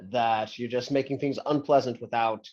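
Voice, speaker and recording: A man in his forties hosting an interview, relaxed and reflective, often affirming with short hums. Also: mid-range voice, moderate pace. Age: 40s. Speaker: podcast host. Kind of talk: interview conversation. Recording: dull lo-fi audio.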